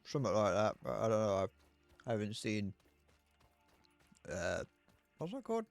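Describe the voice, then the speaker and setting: A man's voice: on the low side, huge pitch swings, unhurried, gravelly, clear, resonant tone, dry recording, soft background music. A man livestreaming a game, rambling casually and muttering to himself between remarks. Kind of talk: casual chat while gaming.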